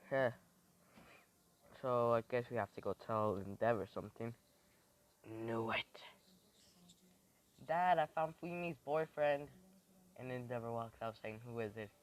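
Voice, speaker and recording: A man improvising a fan-fiction story aloud, rambling and thinking out loud as he goes. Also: fairly low pitch, low-quality recording.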